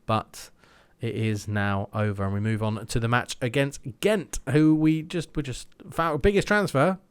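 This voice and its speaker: A man's voice: mid-range voice, steady tone, unhurried, clean tone. Chatty man commentating gameplay. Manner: chatty, thinks aloud, slips into mock match commentary. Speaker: gaming YouTuber.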